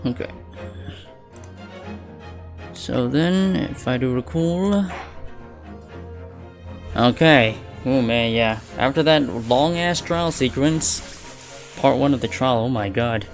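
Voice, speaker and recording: A man chatting casually while streaming a game, relaxed and quick to laugh. His voice sits in an ordinary middle range. Soft game music plays beneath. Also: mid-range voice. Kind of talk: casual live-stream commentary.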